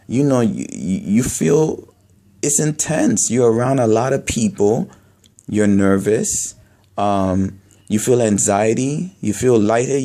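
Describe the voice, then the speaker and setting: Man from New with a warm, mellow tone. He talks earnestly in a halting way, restarting and repeating himself in a candid video blog. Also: mid-range voice. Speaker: video blogger. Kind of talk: candid personal talk to camera.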